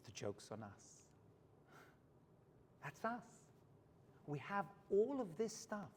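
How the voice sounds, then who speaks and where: A man preaching a storytelling sermon as a rabbi in a synagogue, swinging from hushed asides to loud high points. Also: sing-song, slow, long pauses, husky, big-room sound.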